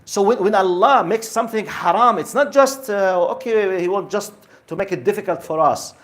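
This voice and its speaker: A man's voice: high-pitched, normal speed, a bit bright. Emphatic male lecturer. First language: Arabic. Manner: emphatic, repetitive, asks the audience questions. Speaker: Islamic lecturer. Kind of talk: religious lecture to an audience.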